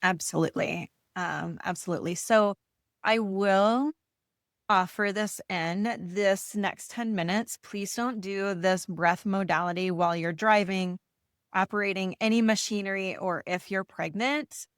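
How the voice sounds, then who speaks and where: Calm woman guiding a breathwork session. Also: medium pitch, no room sound, studio quality. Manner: calm, slow, soothing guidance. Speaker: breathwork facilitator. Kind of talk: guided breathwork instruction. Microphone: video call.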